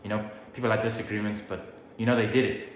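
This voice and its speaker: A man's voice: on the low side, fairly even intonation, fast. A man in his twenties giving a casual, rambling opinion monologue, full of fillers and swearing. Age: 20s. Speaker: vlogger. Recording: roomy with faint background hum.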